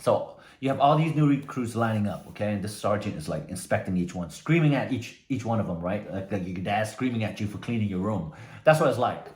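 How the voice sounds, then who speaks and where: A man's voice: on the low side, animated, brisk, darkish tone. A man giving a conversational motivational talk, often tagging his points with "right?". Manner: conversational, frequent "right?" tags. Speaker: motivational speaker. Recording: echoey room.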